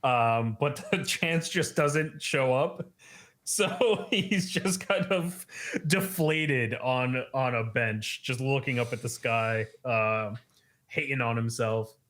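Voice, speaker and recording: A man's voice: medium pitch, takes it slowly, a bit bright. A man hosting a podcast, casually recapping a story chapter and laughing often. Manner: laughs often, loose with fillers. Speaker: podcast host.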